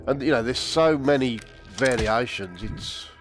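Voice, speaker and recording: Bloke chatting while he plays a vr game, swears a lot, laughs, mid voice, game music loud behind. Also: medium pitch, expressive, unhurried. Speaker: game streamer. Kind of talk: casual chat while playing a VR game.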